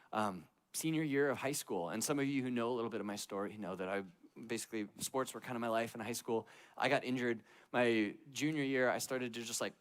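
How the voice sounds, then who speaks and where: A young man preaching a casual, earnest sermon to a youth group as a youth pastor, often using fillers like "like" and "basically.". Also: medium pitch.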